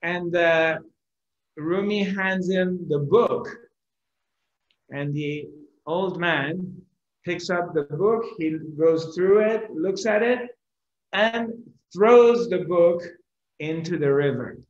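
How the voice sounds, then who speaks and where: A man's voice: high voice, takes it slowly, long pauses, roomy sound, muffled recording. A man giving a spiritual discourse, telling a story animatedly and acting out the characters. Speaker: spiritual teacher.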